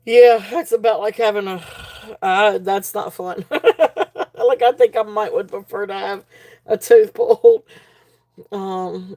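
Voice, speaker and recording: A woman's voice: mid-range voice, mellow. A woman hosting a live-stream jewelry auction in a chatty, rambling way, full of fillers and restarts as she reads the chat aloud. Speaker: livestream auction host.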